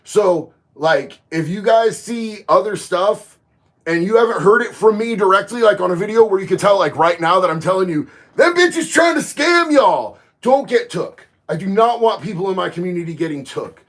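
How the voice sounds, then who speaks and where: Man, high voice, casual livestream chat, emphatic and animated. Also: moderate pace. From Florida. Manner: animated, rises loud and emphatic on opinions. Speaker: livestream host.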